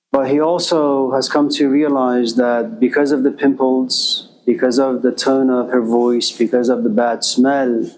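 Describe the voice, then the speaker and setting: A man's voice: medium pitch, rough recording. A man telling a story in a talk, acting out the voices of its figures as he goes. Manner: animated storyteller, acts out voices. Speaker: lecturer.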